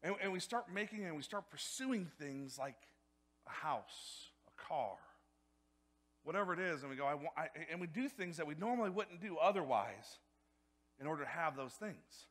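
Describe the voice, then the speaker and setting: Male pastor, high voice, energetic sermon, repetitive, loud peaks. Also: moderate pace. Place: church.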